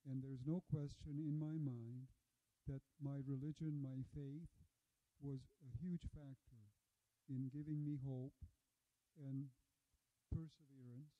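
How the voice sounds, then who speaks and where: A man, a guest speaker telling his story in a measured, reflective way and often restarting his sentences. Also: mid-range voice, steady tone. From Hungary. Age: 80s. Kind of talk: lecture and Q&A. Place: school lecture room. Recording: dull lo-fi recording.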